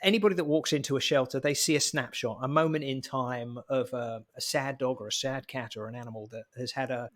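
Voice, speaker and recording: A man's voice: mid-range voice, fairly quick, hardly any pauses. Guy on a podcast, casual and jokey, just rambling through a story. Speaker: podcast co-host.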